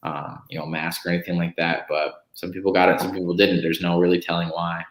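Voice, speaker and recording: An easygoing man talks as an ER nurse guest, his voice deep and low. He often answers with a quick yeah. The recording sounds echoey, as if made in a bare room. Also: flat delivery, a bit bright. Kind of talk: casual chat.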